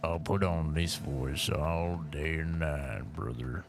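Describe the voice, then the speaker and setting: A swaggering tough-guy bro, put on by a male streamer, with an extremely deep, gravelly voice that drags along slowly. Faint music hums underneath. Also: exaggerated voice. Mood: boastful. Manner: boastful, calls listener brother.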